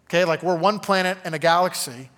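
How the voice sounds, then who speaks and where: A man's voice: high-pitched, quick pace, fairly bright tone. Male pastor, casual talky sermon style, echoey hall. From Arkansas. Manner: conversational, chatty, with many "okay?" asides.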